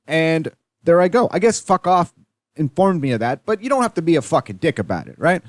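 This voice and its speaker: A man's voice: a little high, fairly quick, no echo. A young Canadian man hosting a podcast, telling stories in a profane, rambling, casual monologue. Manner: profane, rambling, animated when retelling. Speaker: podcast host.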